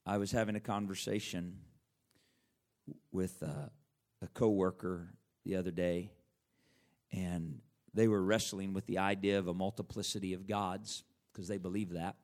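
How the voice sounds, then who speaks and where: A man's voice: low-pitched, steady tone, normal speed, darkish tone. Earnest middle-aged male preacher. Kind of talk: sermon.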